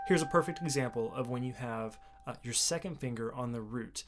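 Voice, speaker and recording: A man giving a casual video lesson on the mandolin, explaining in a relaxed way with fillers and restarts. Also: medium pitch, normal speed, faint music behind. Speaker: mandolin teacher. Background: mandolin playing between phrases.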